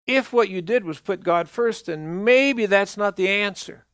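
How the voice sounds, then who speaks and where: An older male minister delivers a sermon in an earnest, measured and emphatic way, pressing each point home. His voice sits fairly high for a man. The recording is dry and close, with almost no room sound. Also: a bit bright, smooth, no room sound.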